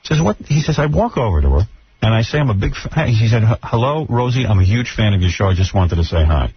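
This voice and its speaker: A brash middle-aged man hosts a talk radio show and tells his story in a mocking, animated way. His voice is lively and a bit husky. It comes through a dull, lo-fi radio broadcast. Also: fairly low pitch, fast, no room sound.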